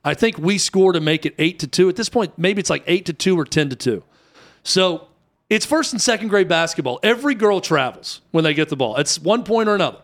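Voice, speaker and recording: A man in his thirties casually telling a story about coaching his daughter's basketball team, acting out the people he quotes. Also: brisk. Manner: animated, acts out quotes with rising pitch.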